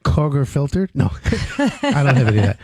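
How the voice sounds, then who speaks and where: A man in his fifties hosting a home improvement radio show, telling stories with loud animated bursts. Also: mid-range voice, normal speed, dry recording. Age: 50s. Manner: animated storyteller, loud bursts, reads phone number. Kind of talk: casual radio chat.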